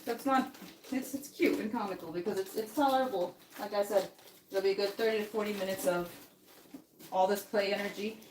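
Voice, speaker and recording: A woman hosting a livestream while grooming puppies, chatting casually and cooing to them as she works. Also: brisk. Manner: chatty, talks to the puppies in a high soothing coo. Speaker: dog breeder hosting a livestream. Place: indoor room with puppies. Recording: roomy, from a distance, faint noise.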